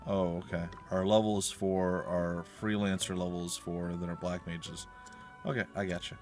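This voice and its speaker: A man's voice: deep voice, flat delivery, moderate pace, darkish tone, faint music behind. A man hosting a let's play, chatting casually and joking as he talks to the enemies on screen. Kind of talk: casual gaming commentary.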